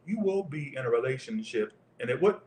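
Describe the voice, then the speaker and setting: A man with a drawl reads tarot cards live in loose, profane, teasing banter, at a middling pitch for a man. His voice rings with a roomy echo. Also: animated, a little fast, a little mellow, slight background noise. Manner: crude, joking, profane banter. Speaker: tarot reader. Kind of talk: live tarot reading chat.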